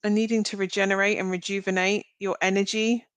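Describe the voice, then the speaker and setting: A woman reads tarot cards on a live stream in a smooth, clear voice, wandering from thought to thought as she speaks. Her tone is reassuring and directed at each viewer. The sound is dry and close, with no room echo. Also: medium pitch, flat delivery, brisk. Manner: chatty and meandering, thinking aloud. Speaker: tarot reader. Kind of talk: live-streamed card reading.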